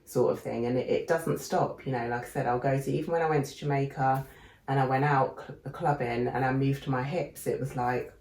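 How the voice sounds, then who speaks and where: Deep gravelly woman, echoey room. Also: brisk. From England. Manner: animated storyteller, acts out quoted voices. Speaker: podcast co-host. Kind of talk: casual chat.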